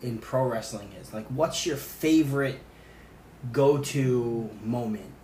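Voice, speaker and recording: A man hosts a loose podcast conversation, easygoing and chatty with casual swearing. His voice is at a middling pitch and rings in a roomy space with faint noise underneath. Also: takes it slowly, darkish tone. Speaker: podcast host. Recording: echoey room, faint background noise.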